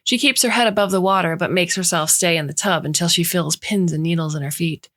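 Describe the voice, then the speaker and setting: A woman narrating a short story in a measured, even way. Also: on the low side.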